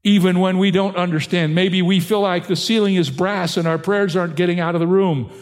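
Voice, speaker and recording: A man's voice: fairly even intonation, a little fast. Older male pastor preaching in a reverberant hall. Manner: earnest preaching, rising in pitch and force when stressing points. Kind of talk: sermon.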